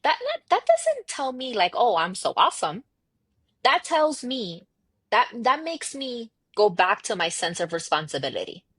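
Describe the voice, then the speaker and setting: A woman's voice: a little high, wildly swooping pitch, a little slow, a bit bright, husky, no room sound. A woman guest on a podcast, telling stories and acting out quoted dialogue with emphatic repetition. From United States, daughter of immigrants. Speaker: podcast guest, marketing entrepreneur. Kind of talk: casual conversational interview.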